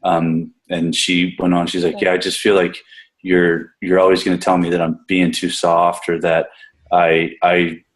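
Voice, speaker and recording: Man, deep voice, gym coach, casual swearing, lots of false starts. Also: completely flat delivery, unhurried. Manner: rambling, profane, many restarts. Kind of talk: casual podcast discussion.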